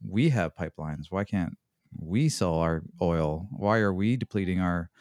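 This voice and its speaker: A man co-hosting a podcast in casual chat, halting and searching for words, with dry jokes. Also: sits low, lively intonation, darkish tone, no echo. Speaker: podcast co-host.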